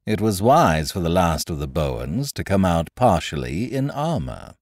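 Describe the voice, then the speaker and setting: A man's voice: low-pitched, sing-song, normal speed, darkish tone, no echo, studio quality, heavily acted. A man voicing a mocking aristocratic colonel who talks airily and carelessly, with cruel good humor. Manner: airy, careless, laughing.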